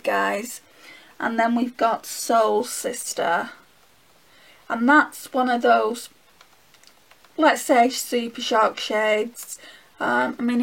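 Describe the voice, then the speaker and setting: Slow, gravelly Northern English woman. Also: on the high side, poor audio. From England. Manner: chatty, talking to herself while swatching. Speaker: beauty vlogger. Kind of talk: casual makeup swatch review.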